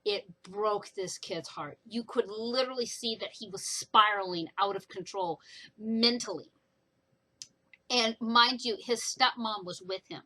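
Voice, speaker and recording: A young woman casually retelling a book's plot in a chatty, animated way for her vlog. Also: medium pitch, measured pace, low-quality recording. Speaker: book reviewer. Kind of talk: casual book review vlog.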